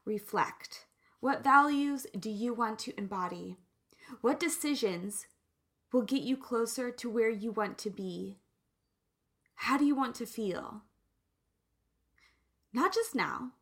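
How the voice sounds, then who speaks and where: Slow, bright-voiced woman giving pep advice. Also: on the high side. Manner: playful, slow and emphatic, jokey asides. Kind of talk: casual motivational talk.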